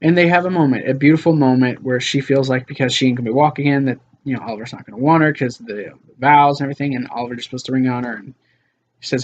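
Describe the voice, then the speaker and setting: A man's voice: mid-range voice, fairly even intonation, fast, darkish tone, lo-fi sound, slight background noise. A man recapping a TV episode in a loose, casual way, with lots of fillers and quoted lines. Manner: loose retelling with many fillers and quoted asides.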